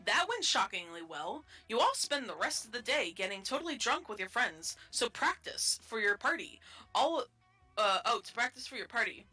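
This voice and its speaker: A woman's voice: fairly high pitch, sing-song, normal speed, pushed and bright, slightly rough, faint music behind. A woman streamer reading game text aloud playfully, laughing often.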